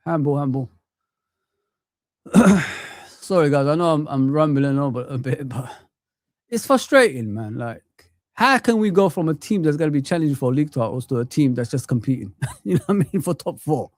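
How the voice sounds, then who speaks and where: Fired up on his football watch-along stream, a man in his thirties or forties swears freely and keeps slipping in "man." He speaks a little high and briskly with lively intonation and a slightly mellow quality, in a dry, studio-quality recording.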